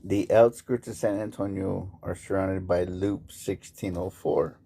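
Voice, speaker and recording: A man calling in to tell a story, relaxed and unhurried with some hesitant restarts. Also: sits low, vocal fry. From Texas. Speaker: caller telling a story. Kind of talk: casual storytelling.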